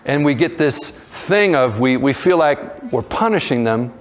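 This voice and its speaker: A man preaching a sermon, retelling a story in a conversational way and slipping into lively voices for the characters. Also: medium pitch, measured pace. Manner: conversational with frequent restarts and fillers. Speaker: pastor.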